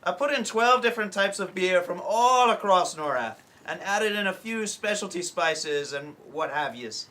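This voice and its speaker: A man's voice: sits high, lively intonation, normal speed, hardly any pauses, bright, forceful tone. A man with a sore throat voicing a male dwarf brewer, reading a comedic ad script cold. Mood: jovial.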